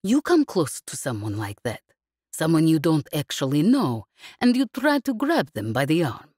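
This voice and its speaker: A woman narrator voicing a cool, dangerous woman who speaks with measured, mocking calm in an audiobook. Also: sits low, breathy edge, no echo, studio quality, heavily acted. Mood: calm menace. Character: cool, dangerous woman captive, calmly menacing. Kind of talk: audiobook character reading.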